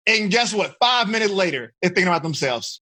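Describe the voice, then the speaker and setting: A man teaching teenagers as a life coach, animated and teasing, calling on listeners by name. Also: high-pitched, fairly quick. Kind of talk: interactive coaching talk to teenagers.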